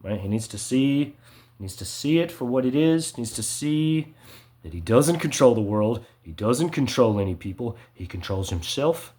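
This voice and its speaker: A man delivering an agitated, repetitive monologue, ending his sentences with "right?" and swinging between loud emphasis and low mutters. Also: animated, normal speed. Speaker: vlogger. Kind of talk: ranting monologue to camera.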